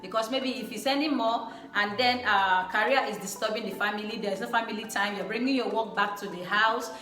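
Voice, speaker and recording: A woman's voice: medium pitch, steady tone, fairly quick, bright, forceful tone. A young woman hosting her own vlog in a casual, effusive way, often repeating her phrases for emphasis. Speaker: vlog host. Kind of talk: casual chat. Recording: echoey room with faint music.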